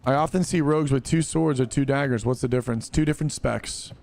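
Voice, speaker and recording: A man's voice: medium pitch, quick pace, a little mellow. A man streaming a game and chatting casually with viewers, laid-back, slangy and blunt. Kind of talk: casual live-stream chat.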